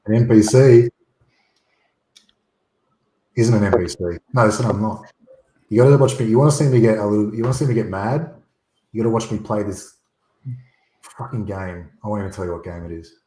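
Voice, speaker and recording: A man's voice: fairly low pitch, fairly quick, pauses often, dark tone, reverberant, low-quality recording. A man talking bluntly and emphatically as a guest on a casual livestream, rambling through his points. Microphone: USB desktop microphone.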